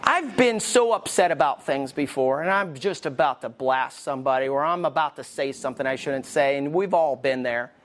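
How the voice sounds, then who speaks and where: Guy preaching, chatty and self-mocking, keeps repeating his questions slow. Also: medium pitch, animated, a bit bright. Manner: conversational, self-deprecating, repeats key questions slowly. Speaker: pastor. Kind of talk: sermon.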